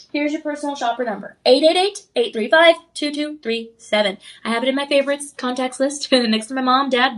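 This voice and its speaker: Bubbly high-pitched shopping channel host. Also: female voice, a bit bright. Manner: enthusiastic, gushing, frequent laughs and ums. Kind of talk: live on-air sales pitch. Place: TV studio.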